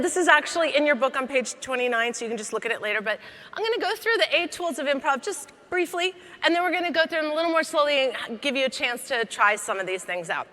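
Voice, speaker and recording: A woman comedian and coach giving a lively, joking keynote talk to a conference audience. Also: on the high side. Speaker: keynote speaker. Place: large conference hall. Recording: long hall reverb.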